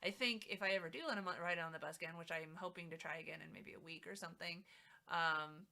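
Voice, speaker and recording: Speaking fast in a lowish, creaky voice that sounds pushed and bright, a woman streams from home and rambles chattily as she crafts. Her intonation stays fairly even, she leans on lots of fillers, and the microphone is placed slightly away from her mouth.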